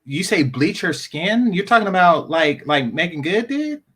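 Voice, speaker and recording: A man with a high, bright voice gives blunt, rambling commentary as the host of a live call-in stream. He repeats himself often as he talks. His pitch swings widely from line to line. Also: very animated, moderate pace, breathy edge. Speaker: show host.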